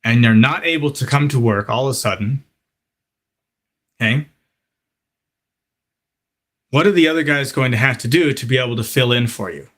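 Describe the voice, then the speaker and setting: A man's voice: mid-range voice, moderate pace, long pauses, a bit bright. A man teaching a live lesson to kitchen workers, talking straight to them and telling stories with asides like "okay?" and "you know". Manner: storytelling, direct address with frequent "okay?" and "you know". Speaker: culinary instructor.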